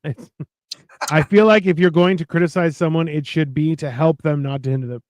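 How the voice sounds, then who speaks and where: Here a middle-aged man on a cooking stream he co-hosts keeps up casual kitchen chatter, swearing and acting out other people's words in animated stories. His voice runs on the high side and fairly quick, with no echo.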